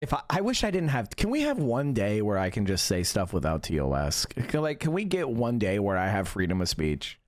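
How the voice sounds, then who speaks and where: A man's voice: lowish voice, huge pitch swings, fairly quick, hardly any pauses, no room sound, clean studio sound. A man hosting a livestream, ranting with heated sarcasm and lots of profanity. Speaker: livestream host. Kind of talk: ranting live commentary.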